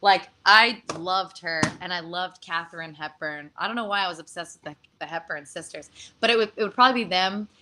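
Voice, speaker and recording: A woman guest performer chatting casually in an interview over a video call, animated and laughing often. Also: on the low side, brisk, noisy background.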